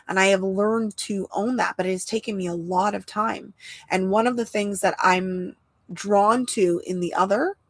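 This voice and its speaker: A woman's voice: mid-range voice, no echo, rough recording. A young adult woman with a nasal voice, hosting and teaching in a casual, passionate monologue, often repeating phrases for emphasis. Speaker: human design coach and show host. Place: outdoors.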